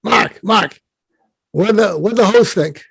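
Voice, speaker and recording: A man's voice: high voice, slow, gravelly, slightly rough, dry recording, voice pushed up, heavily acted. A man putting on a Brooklyn accent to voice an impatient, grumbling older male ghost mentor. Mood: exasperated. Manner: grumbling, exasperated.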